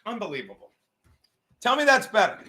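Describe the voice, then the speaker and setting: A man's voice: sits high, sing-song, fairly quick, pushed and bright, husky. A man in his thirties hosting his podcast from his couch at home. He rants in a rambling, profane, worked-up way and keeps stopping to fix his camera. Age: 30s. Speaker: podcast host. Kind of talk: profane livestream rant.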